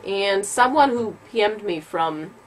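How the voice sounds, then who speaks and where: A woman with the tail end of a cold giving a casual yodeling lesson, explaining slowly and patiently with many ums. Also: mid-range voice, animated, a little hiss or hum. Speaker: yodeling teacher.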